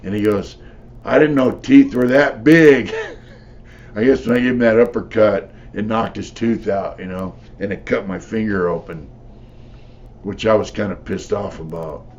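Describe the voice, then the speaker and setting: A man's voice: on the low side, fairly even intonation, normal speed, darkish tone, dull audio, slight background noise. Blunt, profane older man telling stories. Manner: blunt, profane, rambling with frequent "you know". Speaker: former prisoner telling stories. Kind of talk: casual storytelling.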